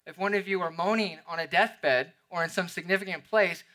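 A man delivering a sermon in a bright, fairly high voice. He talks to the congregation in a relatable, conversational way, then builds to emphatic peaks before falling soft and hushed. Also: fairly even intonation, a little fast, few pauses. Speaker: preacher. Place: church service.

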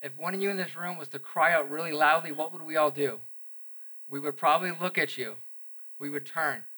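A man delivering a sermon in a bright, fairly high voice. He talks to the congregation in a relatable, conversational way, then builds to emphatic peaks before falling soft and hushed. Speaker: preacher. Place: church service.

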